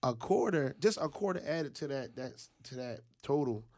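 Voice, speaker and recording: A man speaks at an everyday middle pitch, with a rough, gravelly edge in his voice. He tells a personal story in relaxed conversation. He slips into the voices of the people in it as he goes. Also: moderate pace. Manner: animated, acts out other people's lines. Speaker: guest telling a personal story. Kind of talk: casual storytelling.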